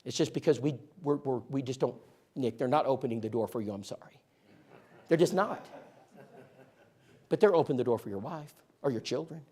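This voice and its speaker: A man training a church group in outreach, telling stories in a lively, joking way and speaking to listeners directly. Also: mid-range voice, brisk, long pauses. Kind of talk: animated storytelling talk to a church group.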